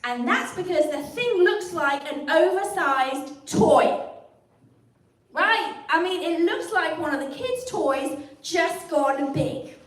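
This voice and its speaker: A high-voiced English woman works through a wry stand-up set, poking fun at herself. The sound is roomy and distant, with the mic set far from her. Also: lively intonation, slow pace, slight background noise. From England. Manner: wry, self-deprecating, chatty with the live stream audience. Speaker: stand-up comic. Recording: echoey room picked up from a distance.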